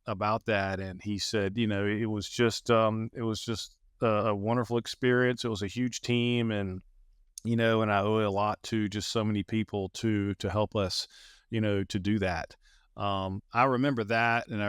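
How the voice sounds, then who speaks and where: A middle-aged man telling a story as an interview guest, earnest and halting, often repeating words. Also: lowish voice, clean tone, dry recording, studio quality. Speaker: guest, athlete and speaker.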